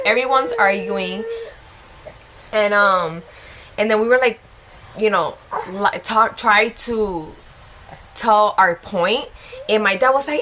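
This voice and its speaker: Her voice is medium in pitch, fairly bright, and moderately paced. A young woman vlogger at home with a small child, she recounts a personal story in an emotional, chatty way full of exclamations.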